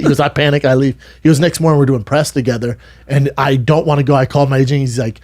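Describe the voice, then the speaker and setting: Podcast co-host, a man, slightly high voice; relaxed chatty retelling with quoted lines. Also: fast talker, few pauses. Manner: retells stories with quoted voices, laughing along. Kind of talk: casual chat.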